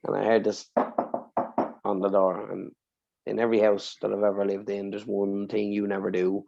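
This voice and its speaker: A man on a podcast telling an emotional personal story, swearing freely and speaking with deep feeling. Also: completely flat delivery, normal speed, creaky, mellow, highs cut off. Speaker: podcast co-host.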